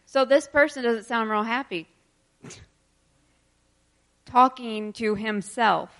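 A woman preaching a sermon, reading scripture verses slowly and with emphasis, then explaining them in quicker asides and laughing between points. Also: on the high side.

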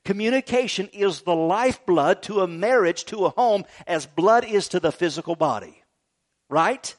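High, lively-voiced male pastor preaching. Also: normal speed. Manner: animated, jokey preaching with frequent "right?" asides. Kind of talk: sermon.

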